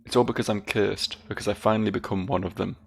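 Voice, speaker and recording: British man doing a mournful stage-singer woman, gravelly, low-pitched read. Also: steady tone, quick pace, a little hiss or hum. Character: theatrical woman, a fallen caravan singer.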